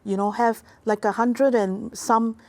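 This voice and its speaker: Female expert guest, mellow voice, deliberate and precise. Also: a little high, fairly even intonation. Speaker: policy research expert guest. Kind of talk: explanatory interview talk.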